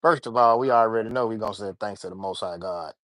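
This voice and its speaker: A man's voice: fairly low pitch, fast talker, a bit bright, no echo. A man hosts a casual livestream and drifts from topic to topic. He stumbles over repeated words and keeps talking to his viewers. The room sounds dry and close. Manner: loose, rambling, talks to his chat, repeats words. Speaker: livestream host.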